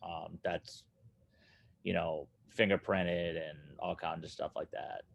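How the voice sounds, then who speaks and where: A man talking casually as a guest about running his recording studio, animated and laughing often, repeating himself as he goes. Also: sits low, takes it slowly, creaky. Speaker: guest, studio owner and drummer. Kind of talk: casual conversation.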